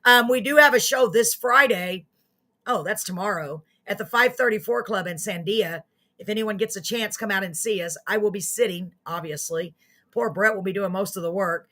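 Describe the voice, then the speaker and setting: A woman hosts a homespun live show, chatting casually to the people watching. She teases herself and thanks her viewers warmly, her voice bright and clear at an everyday middle pitch. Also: moderate pace. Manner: chatty, self-mocking, warm toward viewers. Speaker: host of a live online show. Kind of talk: casual livestream chat to viewers.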